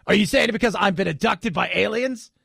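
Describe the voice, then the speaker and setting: Man doing a gravelly conspiracy ranter, low mutter, dry close sound, mock-defensive. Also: quick pace, bright, forceful tone, dry recording, full character voice. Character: impression of a male conspiracy talk host, ranting.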